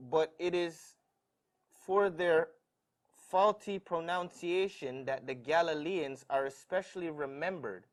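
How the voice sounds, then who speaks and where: Man, slow reader, somewhat high voice, hesitant, reading aloud. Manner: slow, halting reading with pauses and stumbles. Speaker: reader in a Bible study.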